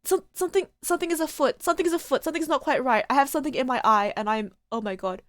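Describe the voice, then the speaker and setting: A young woman streaming a game playthrough, talking excitedly and emotionally, swearing often. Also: sits high, racing, dry recording. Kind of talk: live game playthrough commentary. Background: faint game music.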